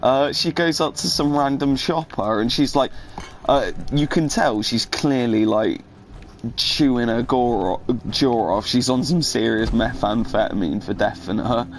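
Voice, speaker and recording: A man's voice: mid-range voice, unhurried, a little hiss or hum. A man in casual, rambling, profane chat, telling funny stories. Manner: rambling, profane, laughing storyteller. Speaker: streamer.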